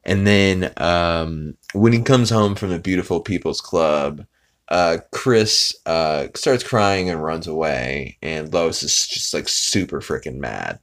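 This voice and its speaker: A man with a very low voice casually recapping a cartoon episode for his podcast. He rambles and stays animated throughout. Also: takes it slowly. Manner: rambling and animated, acts out character lines. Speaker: podcast host.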